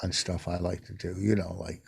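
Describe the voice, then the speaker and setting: A man's voice: sits low, little pitch movement, brisk, gravelly, slightly rough, no echo, clean studio sound. An older man co-hosting a podcast, telling stories in a rambling, defensive way. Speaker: podcast co-host. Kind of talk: casual chat.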